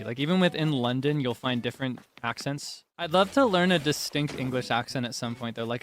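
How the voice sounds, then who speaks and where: A young man chats casually on stream, rambling and correcting himself as he goes, with an easy chuckle now and then. His voice sits at an ordinary middle pitch. Faint music plays behind him. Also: a bit bright.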